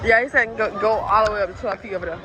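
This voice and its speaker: A young woman vlogging on her phone at an outdoor water park obstacle course, out of breath, loud and laughing, teasing and swearing in casual chat. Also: mid-range voice, rapid-fire. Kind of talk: casual vlog chatter. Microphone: handheld phone camera. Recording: noisy outdoor crowd audio.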